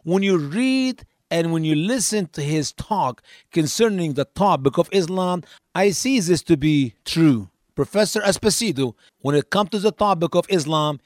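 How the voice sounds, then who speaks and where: A man's voice: a little high, no room sound, clean studio sound. A man giving commentary between clips of a lecture, talking in an insistent, lecturing way.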